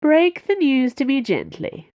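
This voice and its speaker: A woman's voice: mid-range voice, lively intonation, a little slow, darkish tone, dry recording, highs cut off, natural voice. A woman voicing a vain, mocking nobleman with a posh accent in an audiobook. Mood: theatrical whining. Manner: mocking, dramatic.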